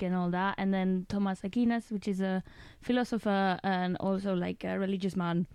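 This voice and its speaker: A woman's voice: medium pitch, fairly even intonation, normal speed, few pauses, dark tone, smooth, dry recording. A woman from Spain with a Spanish accent, co-hosting a casual podcast chat and laughing often. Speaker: podcast co-host.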